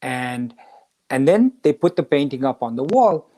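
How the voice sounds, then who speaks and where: A man hosting a talk on the Gita, telling a story and acting out the quoted lines with lively shifts of voice. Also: medium pitch, measured pace. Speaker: podcast host teaching the Gita.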